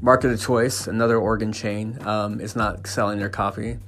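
A man's voice: on the low side, flat delivery, moderate pace, fairly bright tone, soft background music. Profane, stammering man ranting. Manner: profane, stammering restarts and fillers. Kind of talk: casual opinion rant.

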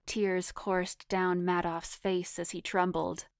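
A woman reading a first-person erotic story aloud in a measured, intimate storytelling manner. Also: lowish voice, level tone, smooth, no room sound, clean studio sound. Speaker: story reader.

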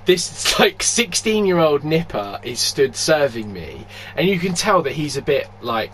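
A man telling a story in casual chat, animated, swearing freely and laughing often. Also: fairly high pitch, a little slow, a little hiss or hum.

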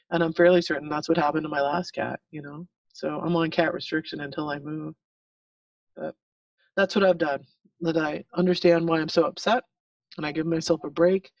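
A man's voice: fairly high pitch, no echo, far from the mic, highs cut off. A man talking casually and candidly in a group, rambling with many fillers. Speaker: group participant sharing about pet loss. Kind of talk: casual support-group sharing.

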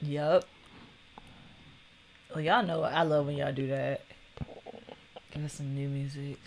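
A woman's voice: low-pitched, steady tone, slow, a little mellow. A woman co-hosting a casual music reaction, trading playful, teasing banter.

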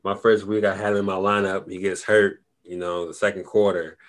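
A man's voice: deep voice, flat delivery, brisk. A man co-hosting a casual podcast chat, talking in a laid-back, rambling way full of fillers. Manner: laid-back, rambling, lots of "you know". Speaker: podcast co-host. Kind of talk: casual fantasy football chat.

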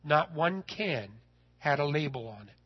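A man telling a personal story in a sermon, folksy and animated, his voice rising when he gets excited. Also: a little high, unhurried, slightly rough, lo-fi sound.

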